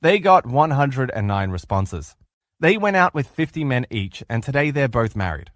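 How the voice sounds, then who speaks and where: Guy coaching on relationships, really animated pitch, super dry close sound, punchy storyteller. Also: normal speed, no room sound. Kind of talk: motivational lecture.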